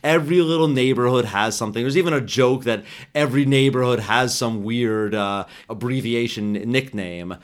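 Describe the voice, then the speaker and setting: A man's voice: mid-range voice, moderate pace, few pauses. A man co-hosting a casual podcast from an apartment, chatty and prone to restarting his sentences. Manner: chatty, with self-corrections. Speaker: podcast co-host. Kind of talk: casual chat. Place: apartment in New York.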